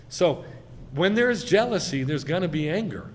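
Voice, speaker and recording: A man giving a sermon as a rabbi, speaking with emphasis and swelling loud on key phrases. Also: fairly high pitch, lively intonation, moderate pace, long reverb tail. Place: congregation sanctuary.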